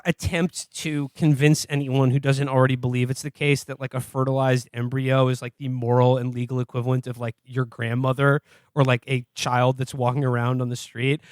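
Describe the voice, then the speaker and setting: A man's voice: medium pitch, fairly quick, clear, resonant tone, no room sound. A man co-hosting a podcast, ranting in a sardonic, exasperated, profane way. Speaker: podcast co-host. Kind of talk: casual podcast chat.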